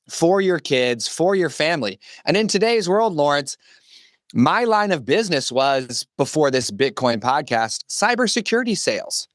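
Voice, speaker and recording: A man's voice: on the high side, no echo, studio quality. A man in his late thirties, a podcast guest talking with enthusiastic, slangy emphasis. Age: 30s. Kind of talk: casual interview chat.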